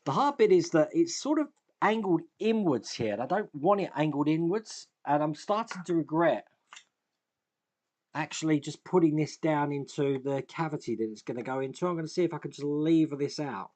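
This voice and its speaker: In his casual build commentary, the scale modeler thinks out loud at the workbench, dropping sighs, chuckles and self-deprecating asides. He has a slightly high, expressive voice with a darkish tone and moderate pace.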